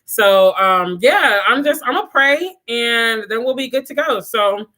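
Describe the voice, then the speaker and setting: A young woman hosts a relaxed livestream, chatting straight to her viewers and breaking into laughter often. Her voice is bright and lively. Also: a little high, unhurried. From Washington, DC area. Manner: animated, laughs often, addresses viewers as y'all. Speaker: livestream host. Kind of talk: casual livestream chat.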